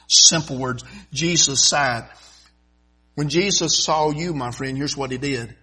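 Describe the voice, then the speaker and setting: Bright, husky-voiced folksy preacher man. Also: medium pitch, poor audio. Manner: folksy, emphatic preaching with sudden loud swells and slow drawn-out phrases. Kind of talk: sermon.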